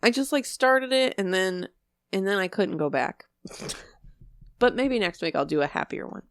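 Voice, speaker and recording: A young woman with an expressive, mid-range voice co-hosts a casual podcast, speaking at a moderate pace in a dry, studio-quality recording. She jokes, swears, laughs and teases her way through the relaxed banter.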